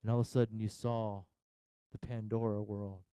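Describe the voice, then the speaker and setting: A pastor preaching a sermon, telling a funny family story and acting out the voices of everyone involved. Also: male voice, fairly low pitch, flat delivery, normal speed, dark tone, slight background noise. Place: church sanctuary.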